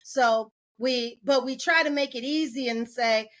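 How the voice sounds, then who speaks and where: A woman as a podcast guest in candid conversation, animated, laughing often and acting out the voices of people she quotes. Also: high voice, a little slow.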